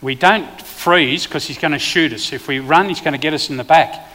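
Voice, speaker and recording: An Australian man, a preacher and former police officer, telling a vivid testimony in a sermon with sudden loud bursts. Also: a little high, moderate pace, in a large hall.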